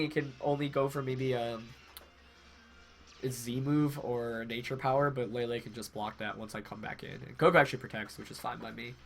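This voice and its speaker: A congested young man talks through his match in a bright, forward voice, thinking aloud and correcting himself as he goes. Faint music plays underneath. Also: mid-range voice, gravelly. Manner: thinks aloud with many fillers and self-corrections. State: congested from a cold. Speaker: game commentator. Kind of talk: casual play-by-play commentary.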